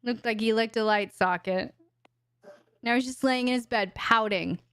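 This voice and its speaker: A woman's voice: a little high, moderate pace, fairly bright tone, smooth, no room sound, studio quality. A woman hosting a live question-and-answer stream from home, talking frankly and casually into a desk microphone. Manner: chatty, frank, talks to her dog in baby talk.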